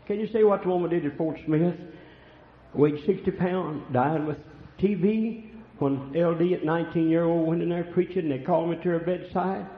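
An older man preaching a sermon, telling folksy stories and swinging between hushed and loud lines. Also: a little high, normal speed. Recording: echoey room, dull lo-fi sound.

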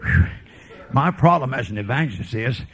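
A man preaching a revival sermon as a folksy evangelist, swinging from quiet murmurs to fervent preaching. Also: medium pitch, sing-song, moderate pace. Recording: tinny lo-fi sermon tape.

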